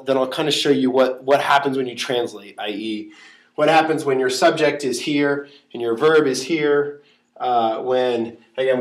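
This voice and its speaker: Guy teaching a class, kinda sick, lots of ums, echoey classroom sound, normal pitch. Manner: explains step by step, with fillers. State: sick, clearing throat. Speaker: Latin teacher. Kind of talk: classroom-style lesson.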